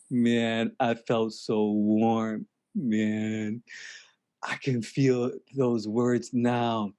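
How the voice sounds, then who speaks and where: A man with a medium-pitched, dark, resonant and clear voice tells a comedic story with little pitch movement. His manner is dreamy and rambling, with a drawn-out "man" and restarts when sentences trail off.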